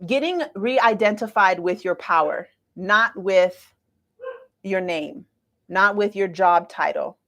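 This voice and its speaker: A woman in her forties talks casually about astrology in a chatty, playful way. She keeps up a lively stream of asides as she explains to her viewers. Her voice sits at a middling pitch. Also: a little slow. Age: 40s.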